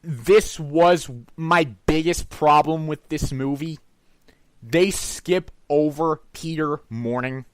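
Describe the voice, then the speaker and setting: A man's voice: on the high side, takes it slowly, clean tone, no echo. A man co-hosting a movie review chat, bluntly and emphatically repeating his complaints. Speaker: co-host of a movie review show.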